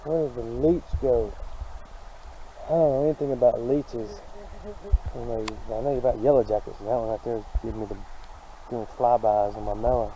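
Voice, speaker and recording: Man, folksy excited vlog commentary, slightly winded, outdoor camera audio, clear background noise. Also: medium pitch, moderate pace, long pauses, poor audio. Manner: excitable, folksy, talks to camera while working. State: out of breath. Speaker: metal detecting vlogger. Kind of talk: casual running commentary while detecting. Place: outdoors in a creek. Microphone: handheld camera.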